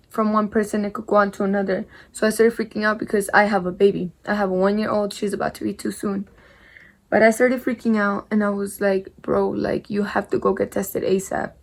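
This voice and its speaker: Young woman with a flat, gravelly drawl. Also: mid-range voice. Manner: rambling, repetitive, peppered with "like" and mild swearing. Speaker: vlogger. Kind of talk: casual story time while doing makeup.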